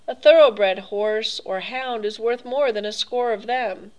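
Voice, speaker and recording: An urbane, coolly pleased old gentleman hunter voiced by a woman reading aloud, polished and mocking, with cruelty under his good manners. His pitch rises and falls with amused relish, and the talk stays smooth and measured, like an audiobook figure. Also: natural voice, low-quality recording. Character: suave, cruel older male aristocrat hunter.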